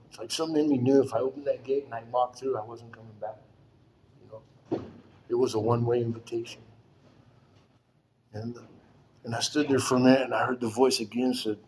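Middle-aged man, mid-pitched, casual storyteller; loose and repetitive, leans on fillers, soft background hiss. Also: low-quality recording. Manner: rambling, filler-heavy, repeats phrases.

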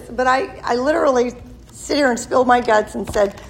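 Woman, 60s, gravelly and a bit high, frank self-mocking testimony. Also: moderate pace, poor audio. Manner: candid, self-deprecating storytelling. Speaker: member sharing at a recovery meeting. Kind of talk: personal testimony.

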